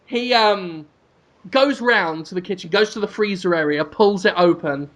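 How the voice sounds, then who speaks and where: A man hosting a podcast, rambling through an absurd comic pitch with amused energy. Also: moderate pace. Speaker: podcast host. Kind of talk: comedic storytelling.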